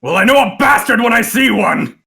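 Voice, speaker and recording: A man voicing a greedy, panicky male dwarf captive who shouts in a shrill, frantic voice. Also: fairly quick, vocal fry, full character voice. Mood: indignant.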